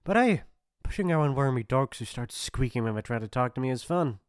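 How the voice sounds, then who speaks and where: A man's voice: medium pitch, animated, brisk, smooth, no room sound, clean studio sound, lightly acted. A man voicing a mean, teasing popular bully in an ASMR role-play, mocking and laughing often. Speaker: voice actor.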